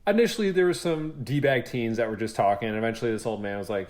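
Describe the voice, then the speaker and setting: At medium pitch and fast, a young male co-host chats loosely on his podcast. He acts out others' words with animation and doesn't hold back on swearing.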